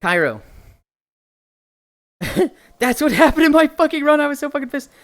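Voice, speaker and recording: A young woman streamer chatting casually with her viewers, telling stories in an animated, profane way. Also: high-pitched, normal speed.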